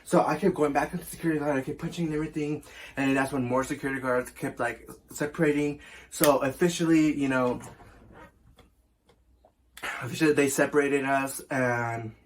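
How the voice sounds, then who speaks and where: A man's voice: mid-range voice, steady tone, fairly quick, slight background noise. A young man telling a casual storytime as a vlogger, chatty and full of fillers, swearing often.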